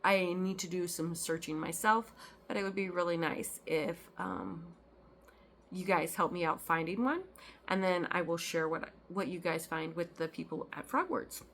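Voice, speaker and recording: A woman's voice: lowish voice, fairly even intonation, normal speed, a bit bright. A woman chatting casually as a cross-stitch vlogger, rambling with lots of ums and restarts. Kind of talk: casual chat.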